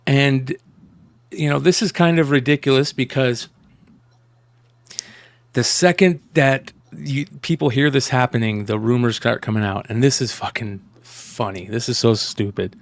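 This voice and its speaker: Gravelly-voiced blunt male podcast host. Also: medium pitch, measured pace, dry recording. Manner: blunt, profane and exasperated. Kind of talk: casual podcast chat.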